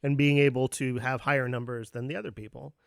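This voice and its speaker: A man co-hosting a casual podcast with wry, deadpan humor. His voice sits at a middle pitch. The recording is dry and close. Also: fast talker, creaky, clean tone, no room sound. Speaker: podcast co-host. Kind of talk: casual chat.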